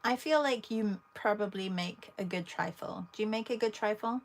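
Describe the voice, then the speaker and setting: A woman with an English accent, hosting an art livestream, chatting casually with viewers while she paints and pausing often. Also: medium pitch. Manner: chatty, talks to viewers between long pauses.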